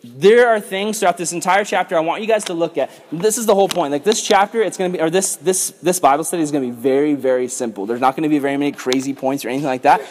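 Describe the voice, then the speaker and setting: A man leading a casual Bible study as a youth pastor. He is animated and chatty, says "like" a lot and acts out the people in the story. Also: a little high, fast talker. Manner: animated and chatty, with lots of "like" and acted-out voices.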